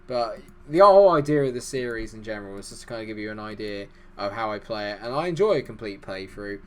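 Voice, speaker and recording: A man giving fast, excitable live commentary over a football management game, chatty and self-deprecating. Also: lowish voice. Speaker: gaming YouTuber.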